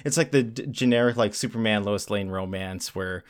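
A man's voice: fairly low pitch, smooth. Casual podcast man retelling a story. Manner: acts out characters' lines in quick, lively bursts. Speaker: podcast co-host. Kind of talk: casual chat retelling a comic plot.

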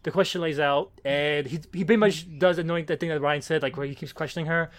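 Fast-talking high-voiced man recapping comics. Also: steady tone. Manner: rambling, many fillers and restarts. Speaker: podcast co-host. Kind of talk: casual comic book discussion.

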